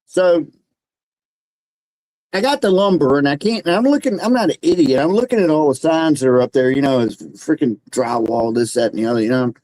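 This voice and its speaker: Animated older man telling a story. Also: on the high side, a little fast, no room sound, poor audio. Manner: animated, giggly anecdote telling. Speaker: livestream guest. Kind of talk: casual storytelling.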